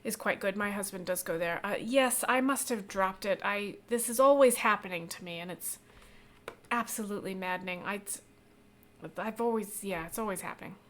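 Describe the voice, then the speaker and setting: A woman's voice: medium pitch, moderate pace, a bit bright, natural voice. Woman playing a frazzled, indignant townswoman. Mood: flustered. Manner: flustered, stammering, indignant. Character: frazzled, suspicious working townswoman.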